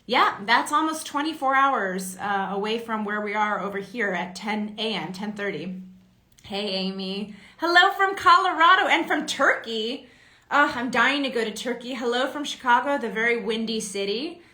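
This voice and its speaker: A woman's voice: on the high side, moderate pace, sharp tone. A woman, an actress, chatting casually on a live stream, greeting fans by name and reading their comments aloud while she signs. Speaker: voice and motion-capture actress hosting a fan signing. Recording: echoey room.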